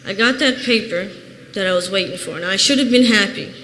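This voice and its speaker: A woman's voice: mid-range voice, brisk, fairly bright tone. Woman from Chicago, thirties, earnest plain-spoken church testimony, long reverb, faint hiss. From Chicago, USA. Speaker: church member giving testimony. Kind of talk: personal testimony.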